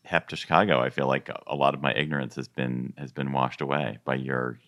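A man's voice: extremely low pitch, steady tone, brisk, a bit bright, no echo, clean studio sound. A man chatting casually and asking curious, playful questions as an interviewer. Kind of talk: casual chat.

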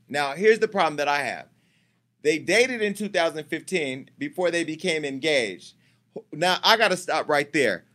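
A man hosting a gossip show with a brash, profane delivery. His voice sits a little high and has a sharp, forceful edge. He talks in a casual, teasing way, as if chatting with people in the room. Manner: brash, profane and teasing, talking to off-camera staff. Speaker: host of a celebrity gossip show.

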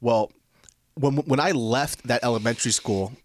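A man hosting a podcast in casual chat, telling stories with crude swearing and jumping up high in pitch for quoted lines. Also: moderate pace, no room sound, clean studio sound. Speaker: podcast host.

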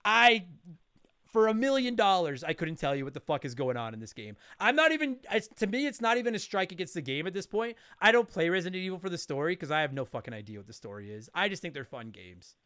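A man co-hosting a podcast in casual chat, animated and profane as he rants. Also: high voice, fast talker, clean tone, no room sound, clean studio sound. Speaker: podcast co-host.

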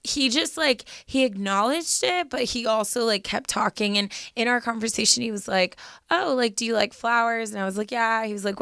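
A woman's voice: mid-range voice, gravelly, pushed and bright, clean tone, dry recording, studio quality. A young woman co-hosting a podcast, chatting casually and heartfelt, with lots of "like" fillers. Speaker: podcast co-host. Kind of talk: casual chat.

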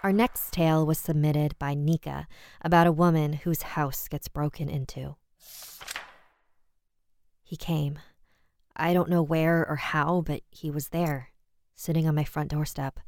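A woman reading a scripted horror story aloud as a podcast narrator, in a measured, even storytelling delivery. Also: deep voice, slight background noise.

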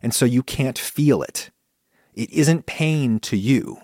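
A man's voice: mid-range voice, slow, dry recording, studio quality. A man hosting his own podcast, talking through his thoughts in a conversational, reflective way. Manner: conversational, reflective, animated when quoting thoughts. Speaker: podcast host. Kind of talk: solo podcast monologue.

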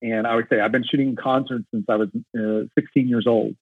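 A man with a husky, slightly rough voice talks eagerly and at length, stumbling over and restarting his words as he tells a story. The sound is dry and squeezed through a narrow, phone-like band. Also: medium pitch, steady tone, fairly quick, no echo. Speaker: concert photographer. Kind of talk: storytelling in an interview.

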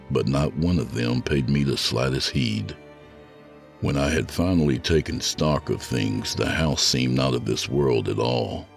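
A man reading a horror story aloud as a podcast host, in a slow, ominous storytelling manner. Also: a bass voice, vocal fry. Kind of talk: scripted horror narration.

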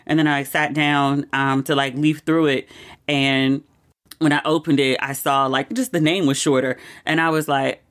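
A woman in her forties, a podcast host, telling a personal story in a chatty, expressive way with quick asides and frequent laughter. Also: deep voice.

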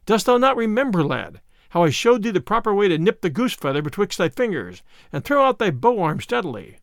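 A man's voice: high-pitched, big pitch swings, brisk, dry recording, studio quality. A man doing Robin Hood, hearty bold outlaw. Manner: hearty, exclaiming old-fashioned speech.

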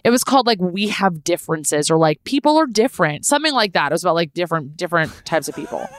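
A woman in her thirties from Los Angeles, chatting on a podcast and telling a lively, swearing story. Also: fairly low pitch, fast talker, dry recording, studio quality. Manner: animated, swearing, laughing storyteller. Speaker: podcast host. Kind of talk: casual storytelling chat.

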